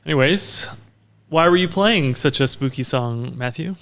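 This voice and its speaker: A man's voice: on the high side, lively intonation, normal speed, fairly bright tone. A man co-hosting a casual podcast, chatty and fond of explaining his little theories. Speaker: podcast co-host. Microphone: studio mic with headphones.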